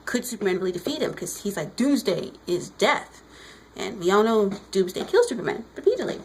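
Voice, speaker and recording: A woman giving an excited, casual comic review while standing, often restarting her sentences. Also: medium pitch, quick pace, slight background noise, poor audio.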